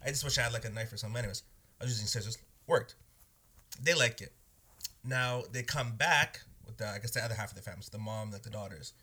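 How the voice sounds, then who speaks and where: A young man telling stories in a casual chat, animated and slangy, acting out what people said. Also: fairly low pitch, fast talker. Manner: animated, laughing, slangy, acts out quotes. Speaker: podcast co-host and food vendor.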